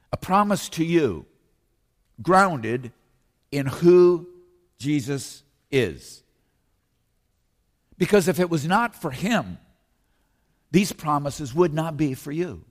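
A man preaching a sermon as pastor, slowing down and lifting his voice when he quotes scripture. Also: on the high side. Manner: emphatic preaching, slows and rises on scripture. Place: church sanctuary. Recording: long reverb of a church hall.

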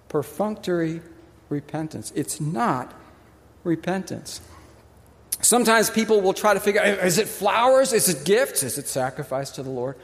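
A male pastor preaches an expressive sermon in a high, lively voice whose pitch rises and falls sharply. He pauses to stress key words and imitates the people he quotes, while a large hall adds long reverb.

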